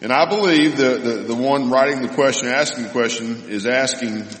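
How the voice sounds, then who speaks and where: A man teaching a Bible lesson and answering a question, thoughtful and explanatory, with many pauses and fillers. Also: mid-range voice, fairly bright tone. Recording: roomy hall with long reverb.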